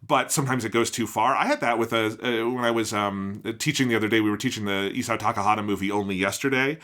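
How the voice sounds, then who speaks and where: Bright, enthusiastic male co-host. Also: lowish voice, fast. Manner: enthusiastic, explanatory, agreeable. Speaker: podcast co-host and teacher. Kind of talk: casual film review discussion.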